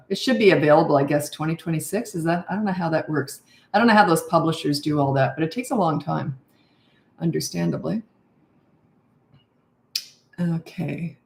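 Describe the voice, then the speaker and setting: An older woman hosts a casual livestream, chatting loosely and greeting viewers as their comments come in. Her voice sits a little low for a woman, and the room around her adds a clear echo. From Canada. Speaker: parenting coach hosting a livestream.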